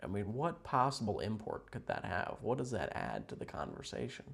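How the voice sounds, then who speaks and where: A man chatting casually with viewers on a livestream from a hotel room, rambling, playful and sarcastic, jumping between loud outbursts and mutters. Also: fairly low pitch, huge pitch swings, moderate pace, vocal fry. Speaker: livestream host.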